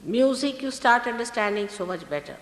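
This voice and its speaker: A woman giving a spiritual talk to an audience, telling stories in a lively way and repeating key phrases. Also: a little high, a little fast. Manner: lively storytelling with repetitions. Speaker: spiritual teacher. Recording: echoey hall archive recording.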